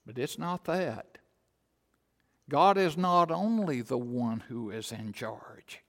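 A man preaching a sermon, swelling to loud emphatic proclamation and dropping to quiet storytelling. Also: fairly high pitch, animated, takes it slowly. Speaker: pastor. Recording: long hall reverb.

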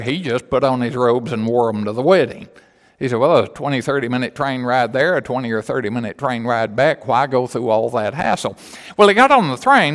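A man's voice: a little high, a bit bright, long reverb tail. A man preaching a sermon in a church as pastor, telling stories and then building to emphatic, repeated declarations.

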